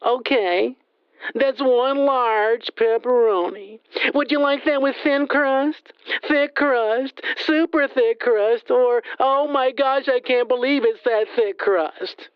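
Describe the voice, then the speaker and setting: A woman's voice: sits high, slow, clean tone, no room sound, dull audio. A woman voicing a nervous new young pizza-shop clerk who is overly polite and rattles off long lists of options.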